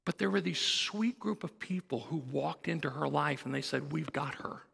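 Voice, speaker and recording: A male pastor delivers a sermon in a conversational storytelling manner, acting out the dialogue as he goes. His voice is gravelly with a bright, forward edge. It carries a long reverb from a large sanctuary. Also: on the high side, normal speed, a little hiss or hum.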